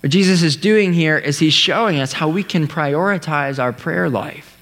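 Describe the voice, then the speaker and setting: A man preaching a sermon, telling a story in an earnest way, with pauses and restarts. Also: fairly high pitch, fairly bright tone. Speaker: pastor. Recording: long hall reverb.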